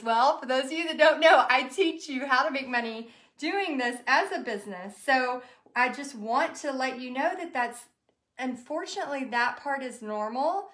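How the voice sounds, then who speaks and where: A woman's voice: high-pitched, moderate pace, fairly bright tone, echoey room. A woman with a Texas accent chatting casually to livestream viewers while she paints, rambling and talking straight to them. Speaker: craft business teacher and livestream host.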